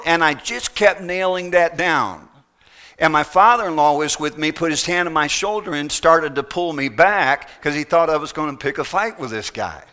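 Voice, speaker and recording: A man's voice: fairly high pitch, sharp tone. A middle-aged man preaching a sermon, pressing his point with repeated rhetorical questions. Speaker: pastor.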